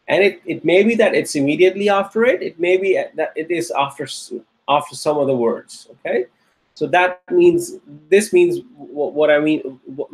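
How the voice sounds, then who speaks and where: A man teaching an online grammar lecture, patiently repeating points and checking in with the class. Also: on the high side. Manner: patient, repetitive, checks in with "okay?". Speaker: Arabic teacher.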